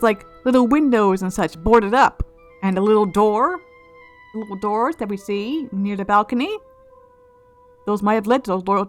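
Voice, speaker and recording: A woman hosting a let's play, musing aloud and speculating in casual gameplay commentary, often restarting her phrases. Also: medium pitch.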